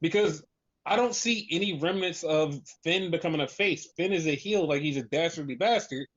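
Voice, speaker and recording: A man with a voice on the high side and a bit of brightness speaks at normal speed as a podcast co-host. The casual chat is rambling and profane, heavy on "like," with him acting out quotes, recorded in dull lo-fi.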